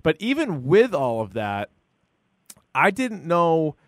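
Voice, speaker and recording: A man's voice: a little high, huge pitch swings, slow, no echo, studio quality. A man co-hosting a podcast, chatting casually and acting out what people said, with lots of "like". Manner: chatty, peppered with "like", acts out quotes. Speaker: podcast co-host. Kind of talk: casual chat about a true-crime series.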